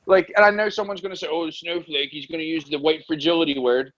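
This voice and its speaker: An American man rants in an exasperated, profane way in a casual chat. His voice sits a little higher than most men's. The recording sounds dull and lo-fi. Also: fairly even intonation, fast talker, hardly any pauses, fairly bright tone. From United States.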